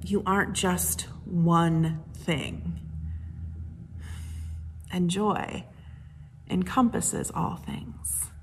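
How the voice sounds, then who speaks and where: A woman pastor giving a sermon, telling personal stories in a gentle, unhurried way with soft, hushed moments. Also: fairly low pitch, steady tone, slight background noise.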